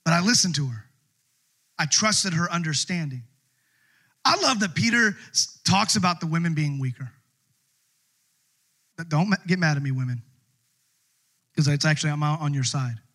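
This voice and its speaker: A middle-aged pastor preaching in a church, talking to the room like friends and often restarting his sentences. His voice sits high for a man and has a bright, forward ring. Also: animated, normal speed, pauses often. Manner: conversational, self-deprecating, with many restarts. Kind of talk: sermon. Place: church sanctuary.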